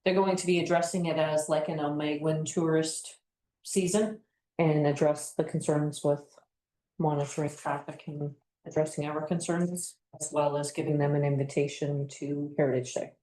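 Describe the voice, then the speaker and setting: A woman's voice: low-pitched, little pitch movement, normal speed, warm tone. A woman on township staff giving brief, matter-of-fact updates at a council meeting. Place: council chamber. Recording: roomy meeting-room sound.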